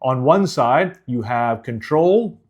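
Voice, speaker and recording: A man teaching public speaking in a lively, rising-and-falling voice. He talks emphatically and directly, demonstrating by swinging between loud delivery and near whispers, quick bursts and slow, deliberate phrases. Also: medium pitch. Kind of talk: teaching course.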